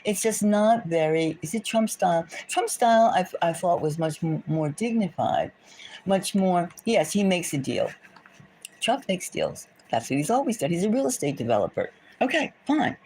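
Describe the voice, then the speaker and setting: A woman's voice: on the low side, very animated, moderate pace, warm tone, slight background noise. A woman hosting a tarot channel, ranting about politics in a rambling, indignant way, full of rhetorical questions and self-interrupting asides. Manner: rambling with frequent restarts and asides. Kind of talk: rambling political commentary to camera.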